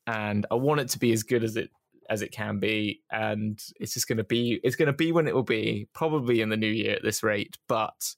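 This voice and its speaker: A man's voice: on the low side, a little fast, no room sound, clean studio sound. A man co-hosting a podcast in casual chat, rambling and restarting his sentences and laughing often. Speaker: podcast co-host.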